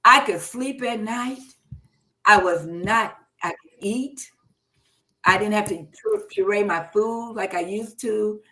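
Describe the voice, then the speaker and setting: Animated middle-aged woman telling her story. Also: medium pitch, slow pace. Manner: animated storytelling, acts out doctors' lines and her own shocked replies. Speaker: host. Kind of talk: live health talk show, personal story.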